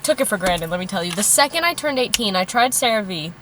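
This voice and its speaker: A woman's voice: medium pitch, lively intonation, fairly quick, noisy background. A young woman co-hosting a podcast, chatting casually and swearing now and then while sitting in a car. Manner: chatty, loose, swears casually, trails off into fillers. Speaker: podcast co-host. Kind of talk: casual chat. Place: inside a parked car.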